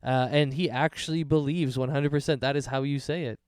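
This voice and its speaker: Clear-voiced man running a tabletop game. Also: mid-range voice, steady tone, brisk, darkish tone, dry recording, clean studio sound. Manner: easygoing, explanatory. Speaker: game master.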